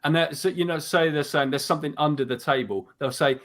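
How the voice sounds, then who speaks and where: An English man speaking in a slightly raised voice as a guest in a relaxed talk. He explains carefully and measuredly, backing up and restarting his sentences as he goes. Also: a little high, fast talker, few pauses. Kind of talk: casual conversation.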